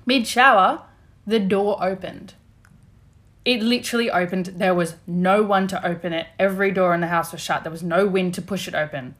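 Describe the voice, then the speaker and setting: A woman hosting a casual podcast from a bedroom, animated and quick to laugh while she tells stories. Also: lowish voice. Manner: animated, laughs easily, storytelling. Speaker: podcast host. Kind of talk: casual chat.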